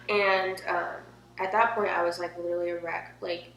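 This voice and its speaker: A woman's voice: fairly low pitch, level tone, moderate pace, gravelly, fairly bright tone. A young woman telling a personal story in a casual, emotional, chatty way, filling her talk with "like". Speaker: vlogger. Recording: echoey room with faint hum.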